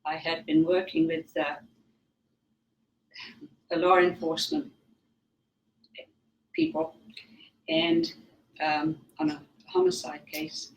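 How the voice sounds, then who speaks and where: An older woman with a Welsh accent, a psychic guest telling anecdotes in an interview, lively and acting out other people's lines. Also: low-pitched, takes it slowly, gravelly, long pauses. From Wales. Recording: roomy, distant mic, faint noise.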